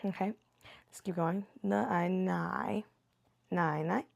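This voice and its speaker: Slow, creaky-voiced woman teaching beginners. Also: lowish voice, steady tone. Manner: slow and patient, self-correcting, mutters while writing. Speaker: language teacher. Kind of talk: casual beginner lesson, writing on board.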